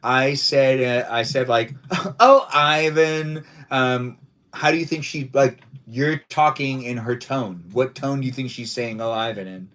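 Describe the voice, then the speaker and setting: A man's voice: mid-range voice, unhurried, a bit bright. A man hosting a casual livestream, rambling playfully and repeating his own phrases as he chats with viewers and guests. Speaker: livestream host.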